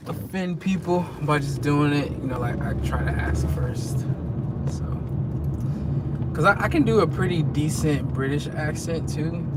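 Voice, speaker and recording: Slow-talking man chatting in a car. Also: fairly high pitch. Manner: laid-back, chatty, laughs often. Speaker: rideshare driver. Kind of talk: casual chat while driving. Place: inside a car on the road. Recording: loud road noise. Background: traffic and car noise.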